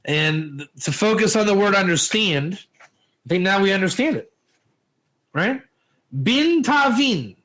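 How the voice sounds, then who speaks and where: A man teaching a Torah lesson in an informal, animated way, telling stories and asking rhetorical questions. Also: sits high, measured pace, pauses often, low-quality recording.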